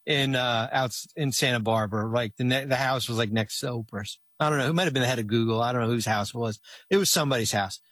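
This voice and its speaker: A man's voice: mid-range voice, quick pace, fairly bright tone, no room sound. A middle-aged man telling a long story in casual chat as a guest, rambling with many restarts and fillers.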